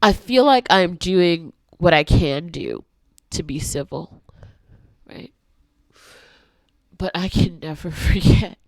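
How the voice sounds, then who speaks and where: A woman vlogger in an angry confessional rant, heavy with swearing, swinging between hushed whispers and shouting. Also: on the low side, lively intonation, takes it slowly, long pauses, dry recording.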